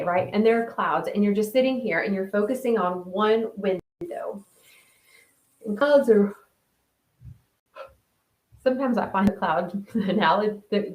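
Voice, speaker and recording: A woman hosts a casual mindfulness chat, thinking out loud with frequent restarts and little "right?" check-ins. Her voice sits at a middle pitch. The room around her has a noticeable echo. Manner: chatty, thinks aloud with many restarts and "right?". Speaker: host of a mindfulness talk reading viewer comments. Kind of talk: casual live-stream chat. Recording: roomy echo.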